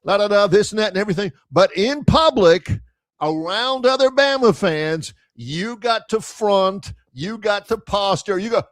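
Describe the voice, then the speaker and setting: A man's voice: sits high, unhurried, no echo, clean studio sound. A man who hosts a sports talk show and argues his points with emphatic, storytelling energy. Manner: emphatic, argumentative, lively storytelling. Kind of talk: sports talk radio debate.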